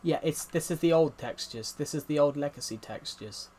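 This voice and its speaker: A man's voice: on the high side, moderate pace, a little mellow, slight background noise. Male streamer, casual and repetitive, talks straight to chat; keyboard typing faint in the room. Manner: rambling, repeats phrases, restarts often; talks directly to viewers as "guys". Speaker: gaming streamer.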